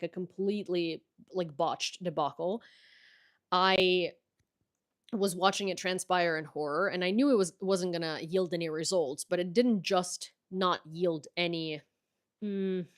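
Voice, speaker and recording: A woman's voice: lowish voice, moderate pace. A woman from Ukraine with an American accent, hosting a casual political commentary livestream in a blunt, sarcastic, profane way. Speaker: livestream host.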